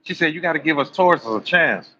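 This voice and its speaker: A man hosts a casual live stream, teasing his viewers and wandering from one story to the next. His voice is bright and forceful. The audio is slightly dull and lo-fi, with faint room noise underneath. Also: fairly high pitch, lively intonation, fast talker. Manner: joking, teasing, rambling storyteller. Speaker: live-stream astrology host.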